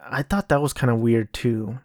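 A podcast host rambles through a casual solo episode, correcting himself and doing mocking impressions. His darkish, medium-pitched voice moves at a normal speed with fairly even intonation, recorded dry and clean in a studio.

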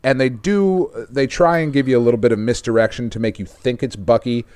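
A man's voice: mid-range voice, fairly quick, a little mellow, clean tone, no room sound. A man from Texas, a podcast host casually recapping a comic book in a loose, profane, rambling way. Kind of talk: casual chat.

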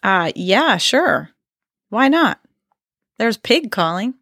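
A woman's voice: mid-range voice, big pitch swings, takes it slowly, fairly bright tone, no room sound, clean studio sound. A woman chatting casually on a podcast, giggly and chatty.

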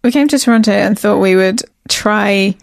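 A woman's voice: mid-range voice, moderate pace, creaky, no echo, clean studio sound. An English woman, a guest comedian, chatting wryly. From England. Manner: chatty, wry. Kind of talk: casual chat.

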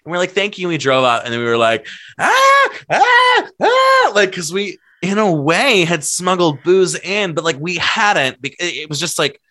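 A man's voice: a little high, animated, brisk, few pauses, bright, forceful tone, no echo. A man telling stories in casual chat, rambling and packed with filler words. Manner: laughs while telling stories.

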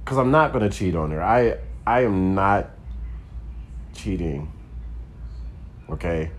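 A man's voice: deep voice, animated, takes it slowly, a little hiss or hum. A man, a stand-up comedian, telling a loose, rambling story in casual talk full of profanity and "like".

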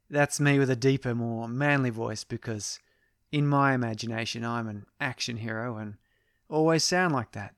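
A man tells a first-person story in a casual, wry, self-deprecating way. His voice sits at a middle pitch and the recording is dry and close. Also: normal speed, creaky, fairly bright tone, no room sound. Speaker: podcast storyteller.

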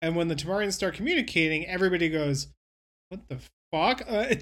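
A woman's voice: lowish voice, lively intonation, fairly quick, a bit bright. A woman in casual podcast chat, brashly recapping a TV episode with profane acted-out reactions.

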